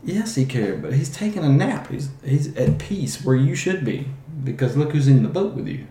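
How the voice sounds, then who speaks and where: A man's voice: mid-range voice, very animated, normal speed, dark tone, reverberant. A man hosting a casual Bible teaching podcast, talking conversationally and often restarting his phrases. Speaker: podcast host.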